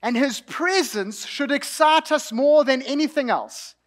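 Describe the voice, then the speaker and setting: Young South African male preacher, light high tone, relaxed anecdotal delivery. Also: a little slow, big-room sound. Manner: conversational storytelling with asides and light laughter. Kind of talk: sermon.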